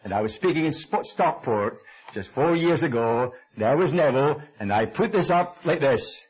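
Older Scottish preacher, lively husky storytelling. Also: male voice, normal speed, highs cut off. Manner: animated storytelling, acting out dialogue with shifting pitch. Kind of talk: sermon with personal storytelling.

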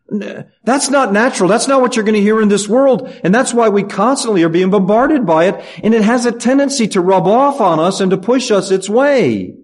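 A man's voice: high voice, lively intonation, moderate pace, few pauses. A middle-aged man preaching a sermon in an earnest way, asking the congregation rhetorical questions. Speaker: pastor.

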